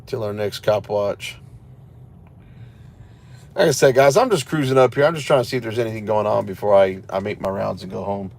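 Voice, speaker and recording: A man's voice: lowish voice, a little fast, creaky, long pauses, a little mellow. A tired man vlogging from inside his parked car, rambling to viewers with sarcastic asides. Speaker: cop-watch vlogger. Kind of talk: casual running commentary to viewers.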